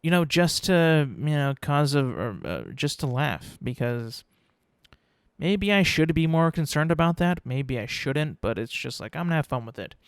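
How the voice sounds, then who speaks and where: A man hosting his own podcast, rambling in a casual, self-mocking way and slipping into quick mock voices. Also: fairly high pitch, animated, clear, resonant tone, dry recording, studio quality. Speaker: podcast host. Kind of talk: casual solo podcast rant.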